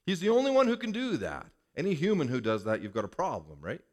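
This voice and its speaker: Animated male pastor preaching conversationally. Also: a little high, quick pace, hardly any pauses. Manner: conversational preaching with rhetorical questions. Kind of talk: sermon.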